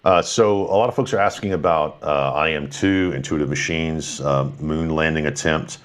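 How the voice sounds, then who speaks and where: A man hosting a live stream, thanking viewers and running through their messages in an upbeat, slightly tired way with lots of fillers. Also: rumbling low. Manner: upbeat, thankful, quick rundown with fillers and restarts. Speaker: livestream host. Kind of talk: live stream commentary, reading super chats.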